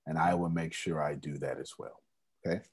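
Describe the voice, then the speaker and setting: Husky low-voiced male host, warmly repetitive encourager. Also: steady tone, a little fast. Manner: encouraging, repeats himself. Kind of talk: casual group video meeting.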